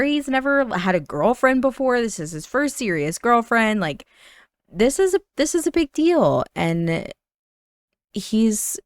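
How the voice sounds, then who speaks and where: A woman's voice: mid-range voice, no room sound, studio quality. A young adult woman casually narrating a life-sim story as she plays, chatty and full of fillers. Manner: chatty, warm-hearted, with fillers. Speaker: game storyteller.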